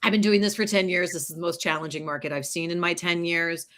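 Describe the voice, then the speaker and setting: A woman co-hosting a casual live chat as a career coach, bubbly and excitable. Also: lowish voice, quick pace.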